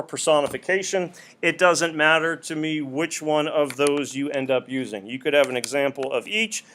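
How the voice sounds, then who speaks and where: A male high school English teacher explaining an assignment to his class, patient and repeating key points. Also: a bit bright. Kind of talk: classroom instruction.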